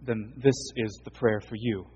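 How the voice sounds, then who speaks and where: Male pastor, husky voice, earnest preaching delivery with loud peaks and quiet drops. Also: lowish voice, fairly even intonation, moderate pace, muffled recording. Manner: earnest preaching, swelling and dropping in volume. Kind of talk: sermon.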